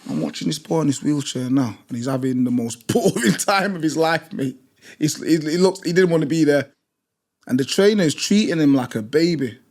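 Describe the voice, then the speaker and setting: A man's voice: on the high side, animated, brisk, a little mellow. Emphatic, blunt British man. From Britain. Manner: emphatic, blunt, repeats phrases for force. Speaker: disability gym instructor. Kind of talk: passionate storytelling in conversation.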